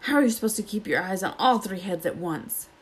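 A woman's voice: mid-range voice, lively intonation, a little fast, close to an everyday voice. A woman doing a cold, sneering schoolmaster. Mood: grumbling. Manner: curt and cold, snapping orders. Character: stern, sneering male schoolteacher.

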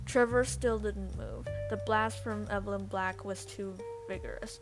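A woman reading a storybook aloud in steady first-person narration. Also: mid-range voice, unhurried, hardly any pauses, over music, low-quality recording. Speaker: audiobook reader.

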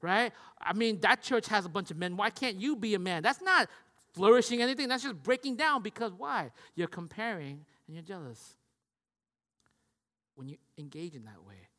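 A man's voice: high-pitched, animated, normal speed, pushed and bright, big-room sound. A man preaching a sermon as pastor, speaking emphatically and often asking "right?".

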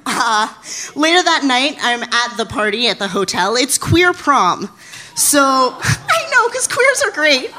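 A person in their twenties telling a funny personal story live on stage, animated and giggly, poking fun at themself. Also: high-pitched, a little slow. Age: 20s. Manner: animated, giggly, self-deprecating. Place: stage before a live audience.

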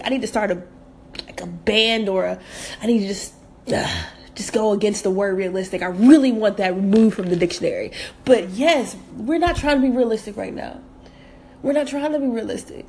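A woman's voice: on the high side, darkish tone, a little hiss or hum. A woman from the States, hosting a motivational podcast and repeating phrases for emphasis. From southern United States. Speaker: podcast host.

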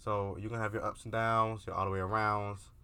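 Profane, candid young man, bright tone. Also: fairly low pitch, flat delivery, fairly quick, clear, resonant tone. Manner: candid and profane, with frequent filler words. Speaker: vlogger. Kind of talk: casual confessional monologue.

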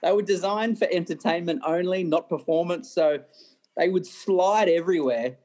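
An Australian man, a racing driver, telling animated stories in an interview, often laughing and restarting his sentences. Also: high-pitched, moderate pace. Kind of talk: interview storytelling.

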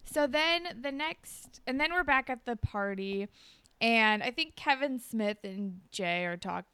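A woman co-hosting a podcast, telling a TV episode in an animated way and acting out the lines. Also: a little high, unhurried, clean tone, no echo. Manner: animated storytelling, acts out lines. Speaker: podcast co-host. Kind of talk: casual chat recapping a TV episode.

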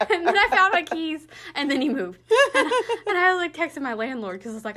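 Excitable woman librarian hosting a podcast. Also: fairly high pitch, moderate pace. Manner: animated storytelling, excitable. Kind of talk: casual chat.

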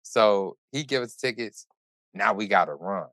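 A man hosting a podcast, telling a story in casual chat with animated, profane, run-on delivery. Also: lowish voice, a little slow, no echo. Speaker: podcast host.

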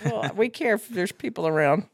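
A woman's voice: medium pitch, animated, brisk, creaky. Teasing middle-aged woman podcast host. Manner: teasing, motherly, chatty with fillers. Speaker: podcast host, farm co-owner. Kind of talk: casual podcast chat.

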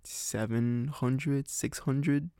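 Young Canadian guy, podcast storyteller, gravelly and filler-heavy. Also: mid-range voice, fairly even intonation, very slow, dark tone, no room sound, studio quality. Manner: rambling, heavy on "like" fillers, laughs often. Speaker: podcast host.

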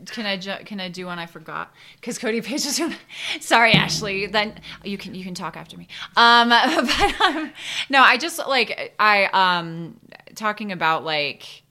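A woman's voice: medium pitch, animated, normal speed, pushed and bright. A young woman in casual podcast chat who talks hesitantly, with many filler words.

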